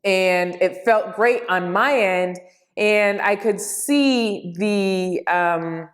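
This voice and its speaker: Brief: woman in her forties, mid-pitched, relaxed storyteller, reflective and conversational. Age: 40s. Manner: conversational, reflective, animated in retellings. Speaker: speaker. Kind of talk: personal storytelling.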